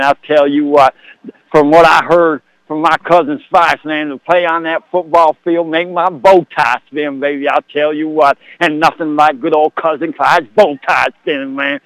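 A man's voice: fairly high pitch, fairly bright tone, no room sound, poor audio. A man voicing a rowdy country cousin who drawls and keeps saying "man" and "I'll tell you what.". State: out of breath.

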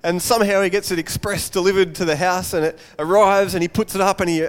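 A man preaching a Father's Day sermon, an animated storyteller who acts out the voices of his characters. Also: sits high, fast, in a large hall.

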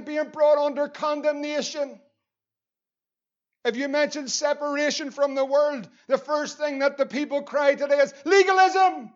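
A man's voice: extremely high pitch, highs cut off. A man with a Northern Irish accent preaching a sermon as pastor, earnest and repeating phrases for emphasis.

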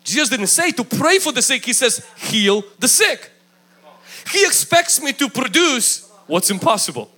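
Male pastor preaching: high, animated and bright, emphatic, acts out quoted voices. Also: normal speed, few pauses, slightly rough. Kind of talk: sermon.

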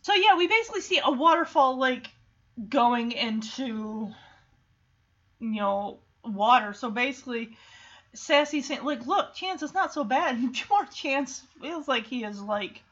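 A woman's voice: on the high side, a little slow. A woman casually retelling a movie in a chatty, emotional way with lots of fillers. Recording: dull lo-fi recording.

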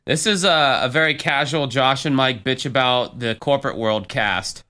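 A man's voice: medium pitch, moderate pace, bright, forceful tone. A man co-hosting a casual podcast chat, venting bluntly with plenty of swearing. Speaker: podcast co-host.

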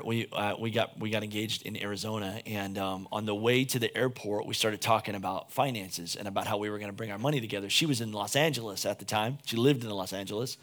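A young adult man preaching a casual sermon, telling stories with frequent restarts. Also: mid-range voice. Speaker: pastor.

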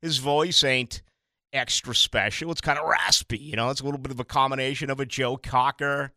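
A man's voice: medium pitch, fairly even intonation, a little fast, pushed and bright, no room sound, clean studio sound. A middle-aged man from Boston, a radio talk show host, rambling through a casual monologue with emphatic asides and stuttered restarts.

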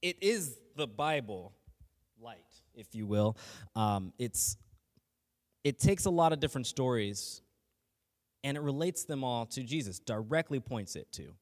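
A man's voice: mid-range voice, animated, a little slow, long pauses, in a large hall. A man giving a casual, earnest faith talk as a lay teacher, speaking conversationally with frequent restarts and fillers.

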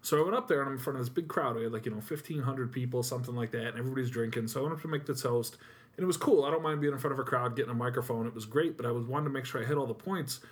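A man with an Upstate New York accent co-hosting a podcast, telling an animated anecdote in casual chat. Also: mid-range voice, very fast. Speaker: podcast co-host.

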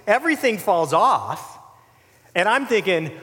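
Animated male preacher in echoing hall. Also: sits high, normal speed. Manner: animated, conversational, with asides and filler "you know". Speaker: pastor. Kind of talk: sermon.

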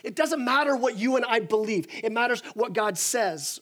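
High-voiced, animated man preaching. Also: normal speed. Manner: animated, repeats words when starting sentences, acts out voices. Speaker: pastor. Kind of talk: sermon. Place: church sanctuary.

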